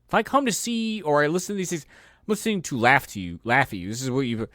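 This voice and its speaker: A man's voice: a little high, fast, a bit bright, no room sound, studio quality. A man hosting his own podcast, ranting casually with heavy swearing and an exasperated delivery, often stumbling and repeating words as he goes. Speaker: podcast host. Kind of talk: casual profane rant.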